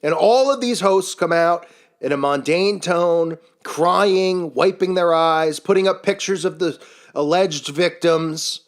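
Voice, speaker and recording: Taking his time, a man with a high-leaning voice runs a commentary channel and launches into a sarcastic, scornful rant driven by rhetorical questions.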